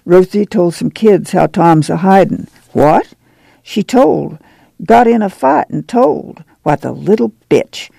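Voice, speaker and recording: A man voicing a middle-aged rural mother with a drawl, speaking in a steady, stern, often hushed way. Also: sits high, slow, creaky, no echo, exaggerated voice.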